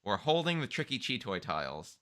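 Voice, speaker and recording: A man's voice: medium pitch, big pitch swings, fairly quick, a crowd in the background. A man co-hosting a mahjong stream, thinking aloud through plays in casual commentary.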